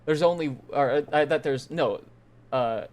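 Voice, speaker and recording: A man's voice: fairly high pitch, measured pace, darkish tone. A man co-hosting a podcast, rambling casually with lots of fillers. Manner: rambling, uses many fillers. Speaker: podcast co-host. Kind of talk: casual chat.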